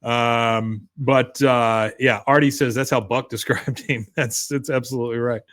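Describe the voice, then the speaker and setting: A man co-hosting a podcast, casually recapping an episode and acting out characters' lines in a higher voice. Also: fairly even intonation, a little slow, fairly bright tone. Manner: retells scenes, acting out lines with raised pitch. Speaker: podcast co-host.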